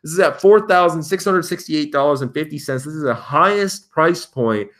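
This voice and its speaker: A young man hosting casual commentary, reading headlines aloud and reacting with sarcastic, incredulous remarks and sudden jumps in pitch. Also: normal speed, a bit bright. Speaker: crypto commentary host.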